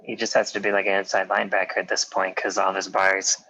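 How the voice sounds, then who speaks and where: A man's voice: deep voice, level tone, fast, bright, forceful tone, poor audio. A man chatting on a call, hesitant and full of fillers. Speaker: league member on a call. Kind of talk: casual chat.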